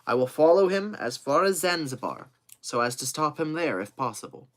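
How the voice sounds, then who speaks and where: A man's voice: a little high, big pitch swings, normal speed, fairly bright tone, voice pushed up. A man voicing a skeptical, stubborn hunter who speaks bluntly.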